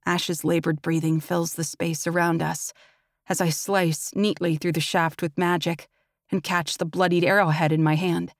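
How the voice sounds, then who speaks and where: A woman's voice: fairly low pitch, little pitch movement, normal speed, no room sound, studio quality. A woman narrating a fantasy audiobook in the first person, with tense and intimate storytelling.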